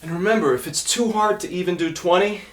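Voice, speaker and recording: A man's voice: high voice, fast. A male fitness trainer demonstrating exercises, encouraging beginners and counting reps aloud while getting out of breath.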